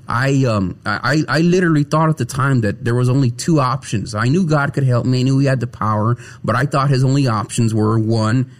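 A man telling his personal faith testimony as an interview guest, earnest and often repeating words as he searches for them. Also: mid-range voice.

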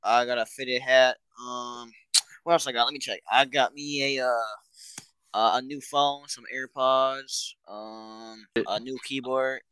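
Teen male co-host, bright and punchy tone, laid-back and profane. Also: medium pitch, fairly even intonation, measured pace, smooth, no room sound, low-quality recording. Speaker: podcast co-host. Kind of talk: casual chat among friends.

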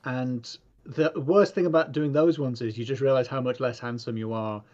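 A dry, self-deprecating man from England chats as a podcast guest, hesitating often with ums and false starts. His voice sits at a middling pitch. The audio comes through dull and lo-fi. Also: fairly even intonation, normal speed, background noise. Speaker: guest, comedy video maker. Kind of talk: casual podcast chat.

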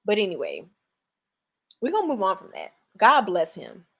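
A woman's voice: medium pitch, wildly swooping pitch, normal speed, gravelly, a bit bright, breathy edge. A woman co-hosting a casual chat, recapping reality TV bluntly and profanely, with mocking put-on quotes. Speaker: podcast co-host.

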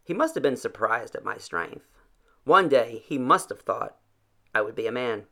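A man reading a first-person story aloud in a measured, reflective way. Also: medium pitch, animated, creaky, sharp tone. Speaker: narrator.

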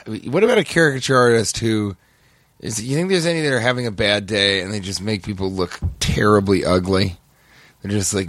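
A man's voice: lowish voice, brisk, dry recording. A man co-hosting a comedy podcast, riffing in improvised banter and jumping into crude silly bits. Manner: riffs into crude silly bits and sudden loud character voices. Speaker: podcast co-host.

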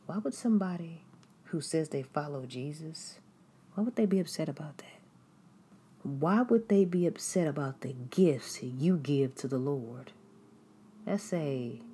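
A woman's voice: a bass voice, dark tone, slight background noise. A woman preaching a sermon in an emphatic, repetitive way, now and then mimicking critics in a raised voice.

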